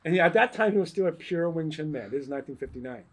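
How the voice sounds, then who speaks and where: A man who teaches martial arts tells a story in a relaxed conversation, acting out each person as he goes. His voice sits a bit high and has a husky edge. He laughs often as he talks. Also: racing. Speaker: martial arts instructor, guest. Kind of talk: casual storytelling chat.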